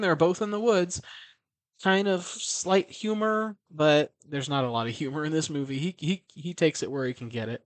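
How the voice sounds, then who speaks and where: A man's voice: a little high, moderate pace, no echo. A man casually recapping a horror film, rambling, swearing and correcting himself as he goes. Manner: rambling, profane, self-correcting.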